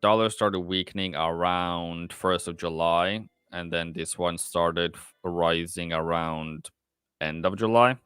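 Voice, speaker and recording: Guy rambling through forex charts on a live stream, deep voice, dry close sound. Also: fairly even intonation, fairly bright tone, smooth, no echo, soft background music. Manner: thinking aloud, halting, many fillers, answers chat. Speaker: livestream forex trader and host. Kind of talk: casual live-stream market commentary.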